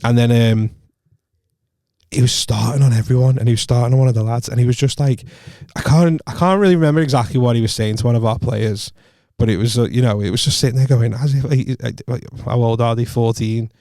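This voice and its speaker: A man co-hosting a casual podcast tells a story with energy, acting out the other people's lines as he goes. He swears freely and laughs often. His voice sits in a middle pitch, and the sound is close and dry, with no room echo. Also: brisk, dark tone. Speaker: podcast co-host. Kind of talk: casual chat.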